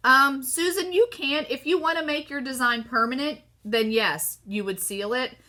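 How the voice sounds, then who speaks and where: A woman with a Southern US accent hosting a casual live craft demo, chatty and excitable as she talks to her viewers. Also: sits high, moderate pace. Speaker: craft host.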